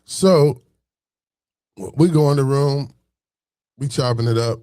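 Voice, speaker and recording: Animated slangy male storyteller. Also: mid-range voice, takes it slowly, dry recording. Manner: animated, street slang, repeats phrases, rants. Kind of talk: casual storytelling monologue.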